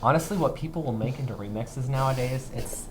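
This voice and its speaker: A woman's voice: a bass voice, a little fast, loud music behind the voice. A young woman co-hosting a casual chat about viral videos, chatty and wry. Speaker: co-host.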